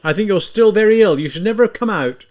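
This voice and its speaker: A man's voice: high-pitched, lively intonation, fast talker, a little mellow, pitched above the performer's own voice. A man reading aloud, voicing a flustered, defensive young male clerk in an audiobook. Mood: agitated. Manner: anxious, rising and protesting. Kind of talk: audiobook character voice.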